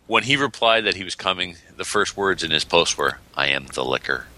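A man's voice: sits low, lively intonation, brisk, sharp tone. A man, co-hosting a podcast in casual, teasing banter. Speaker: podcast co-host.

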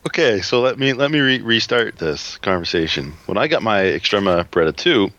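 A man with a low voice that swings lively up and down, bright on top. He chats casually as a podcast co-host. His line sounds dull and lo-fi, but dry and close. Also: fairly quick. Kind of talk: casual chat.

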